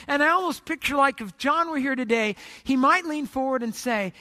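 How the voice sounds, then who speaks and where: A pastor preaching a sermon, an animated storyteller whose voice rises loud in the busy parts and softens into slow appeals. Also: high-pitched. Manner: animated storyteller, rising loud when retelling chaos; trails off into soft, slow appeals at the close.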